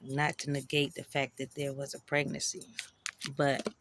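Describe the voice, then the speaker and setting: A woman's voice: very deep voice, completely flat delivery, normal speed, noisy background. A woman telling a personal story in a raw, profane, emotional way, with slangy, conversational speech.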